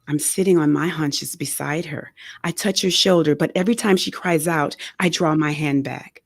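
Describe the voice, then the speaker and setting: A woman author reading her memoir aloud with a measured, expressive delivery in a radio studio. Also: sits low, no echo. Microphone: studio microphone.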